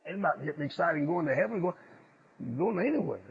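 A husky, fairly high-voiced man preaches, swinging between loud declarations and hushed asides. The recording sounds dull and lo-fi. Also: animated, a little fast. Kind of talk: sermon.

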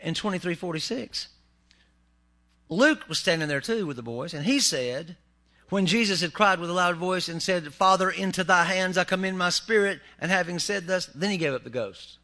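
A man's voice: fairly high pitch, animated, normal speed, sharp tone. A man preaching a humorous sermon in a church, with joking asides to the congregation. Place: church sanctuary.

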